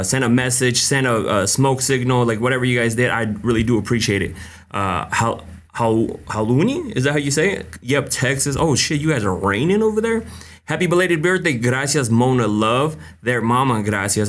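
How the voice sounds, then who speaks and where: A man's voice: mid-range voice, a bit bright. Casual man greeting livestream viewers. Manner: greets viewers by name, many fillers, mixes in Spanish greetings. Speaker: livestream host.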